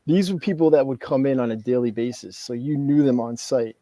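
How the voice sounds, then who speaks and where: A man's voice: medium pitch, a little fast, dark tone, no room sound. A man, a podcast co-host, ranting in casual chat and swearing now and then.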